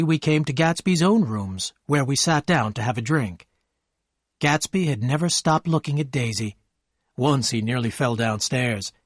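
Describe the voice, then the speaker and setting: A man narrating a story in a steady, measured reading voice. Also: medium pitch, no echo, studio quality. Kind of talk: scripted narration.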